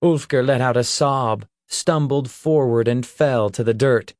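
Slow, steady male audiobook narrator. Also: medium pitch, no echo, studio quality. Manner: steady, measured storytelling. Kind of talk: scripted fantasy narration.

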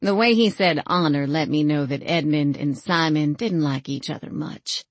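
A woman reading a first-person novel aloud as an audiobook narrator, in a measured, dry storytelling manner. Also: sits low, no room sound.

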